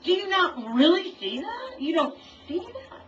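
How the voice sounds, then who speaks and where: A woman's voice: extremely high pitch, sing-song, unhurried, fairly bright tone. A woman in an online voice chat, delivering a heated, profane, lecturing rant. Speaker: voice chat participant. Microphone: computer mic in voice chat. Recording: distant, dull lo-fi voice chat audio with faint hiss.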